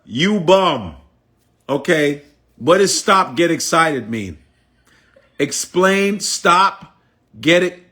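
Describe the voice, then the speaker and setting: A man's voice: fairly high pitch, lively intonation, drawn-out words, pauses often, sharp tone. A New York man, a comedian, doing a teasing comic rant on a phone livestream and repeating his punchlines in shifting voices. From the Bronx, New York. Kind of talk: mocking comic rant on a live stream.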